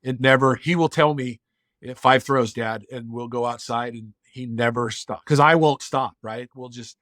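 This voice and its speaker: A man's voice: medium pitch, normal speed, no room sound, studio quality. A man in his fifties, a podcast guest, telling reflective family stories in casual conversation. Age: 50s. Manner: earnest storyteller, warm and reflective.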